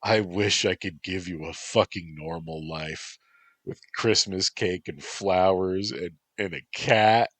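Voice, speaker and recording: Guy reading a low-voiced sarcastic young man full of guilt. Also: takes it slowly, breathy edge, full character voice. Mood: remorseful. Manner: sarcastic, quietly remorseful.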